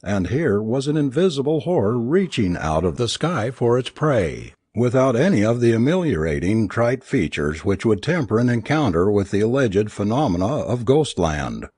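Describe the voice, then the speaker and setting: A man narrating a first-person story aloud in a dramatic, expressive reading. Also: mid-range voice, moderate pace, few pauses, husky, dry recording, clean studio sound. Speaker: audiobook narrator.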